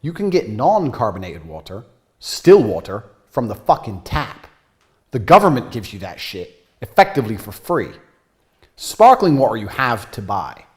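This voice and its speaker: A man's voice: on the low side, big pitch swings, moderate pace. A man playing a brash, boastful male influencer with a British accent who drops patois, ranting and swearing. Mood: smug. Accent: British with patois slips.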